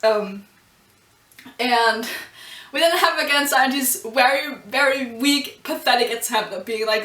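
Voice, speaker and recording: Woman, fairly high voice, emotional and gushing, casual reviewer, echoey room, sits back from the mic. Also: normal speed, pushed and bright. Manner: gushing and emotional, with frequent ums and laughs. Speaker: anime and manga reviewer. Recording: roomy and distant from the mic.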